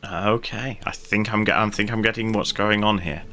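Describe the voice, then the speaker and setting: A man playing a tabletop game, talking in a playful, halting way with restarts. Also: fairly low pitch, fairly even intonation, bright, forceful tone, faint music behind. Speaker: player.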